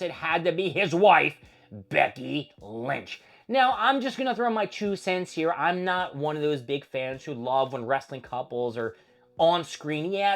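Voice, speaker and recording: A man hosting a show, recapping a wrestling feud in a casual, profane, animated storytelling manner. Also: a little high. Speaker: host.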